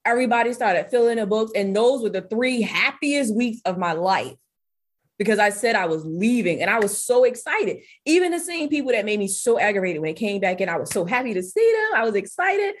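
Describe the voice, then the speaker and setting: A woman speaking in a relaxed, conversational way, like an interview guest telling her own story. She often jumps higher in voice when she acts out what she or others said, which keeps her delivery animated. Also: brisk. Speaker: guest, business coach and former hairstylist.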